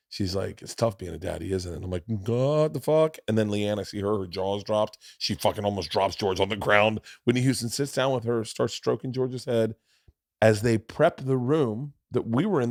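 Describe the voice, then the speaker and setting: Man, middle-aged podcast host, profane, animated storytelling, loud then hushed, dry close sound. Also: mid-range voice, no echo. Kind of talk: casual storytelling.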